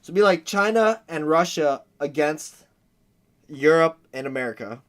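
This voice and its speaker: Brief: male livestream host, casual and crude, bright tone. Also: a little high, expressive, normal speed. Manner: crude, joking, acts out war noises.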